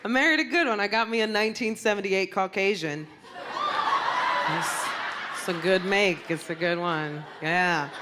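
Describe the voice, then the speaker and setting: A woman comedian doing a stand-up set, brash and animated, landing blunt punchlines. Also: medium pitch, moderate pace. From Puerto Rican heritage. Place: comedy stage before a crowd. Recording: live club with loud audience laughter and noise.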